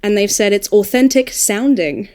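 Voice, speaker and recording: An Australian woman, an audiobook narrator and dialect coach, chatting casually on a podcast with lively asides and quick self-corrections. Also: mid-range voice.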